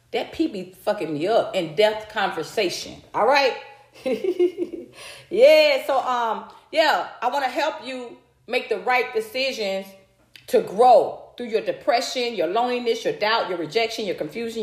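A woman hosting a casual livestream, chatting straight to her viewers and swearing freely. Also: on the high side. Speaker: livestream host. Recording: roomy echo.

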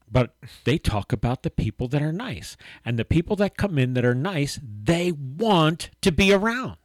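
Animated middle-aged man, lively pitch. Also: dry recording. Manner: animated storyteller, acts out quotes. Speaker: co-host of a Christian talk podcast. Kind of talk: casual faith discussion.

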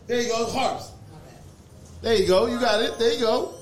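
A man's voice: very high-pitched, moderate pace. A man co-hosting a podcast in casual banter, joking and egging on the storyteller. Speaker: podcast co-host. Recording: echoey room with crowd noise.

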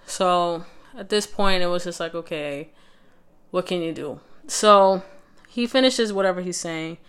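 A woman's voice: on the low side, unhurried, clear, resonant tone. A young woman vlogger telling a personal story in a casual, conversational way, with lots of fillers and restarts.

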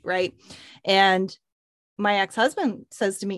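Animated woman telling a family story. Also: mid-range voice, moderate pace, no echo, clean studio sound. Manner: animated storyteller, acts out quoted voices. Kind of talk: casual faith-based chat.

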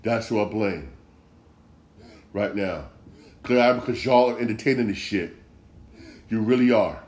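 A man's voice: on the low side, measured pace, darkish tone. A man hosting a sports podcast, ranting heatedly with a lot of swearing and repetition.

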